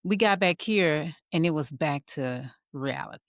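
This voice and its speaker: A woman's voice: sits low, animated, measured pace, no room sound, clean studio sound. A middle-aged woman co-hosting a podcast, reflectively recounting a trip with her husband. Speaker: podcast co-host. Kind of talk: casual chat.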